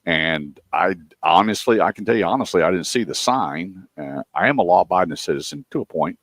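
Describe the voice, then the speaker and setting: A man's voice: low-pitched, fairly quick, no room sound, clean studio sound. A man hosting a radio show, telling stories casually and acting out what others said. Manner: animated storyteller, acts out quotes.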